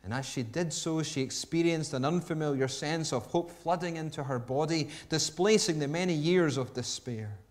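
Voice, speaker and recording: A male preacher giving a sermon, reading a story aloud with expressive delivery that swings between hushed and emphatic. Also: on the high side, moderate pace, few pauses.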